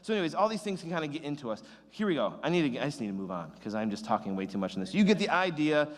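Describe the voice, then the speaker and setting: A man's voice: on the high side, sing-song, racing, big-room sound. A young man preaching a casual youth sermon, rambling and self-deprecating, addressing students directly. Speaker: youth pastor.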